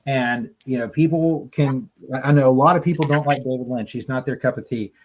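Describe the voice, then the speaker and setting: A man with a medium-pitched voice talks fairly quickly, co-hosting a podcast in a casual, enthusiastic chat. He gushes and gets emotional, often stammering and restarting sentences. The recording is rough, with slight background noise.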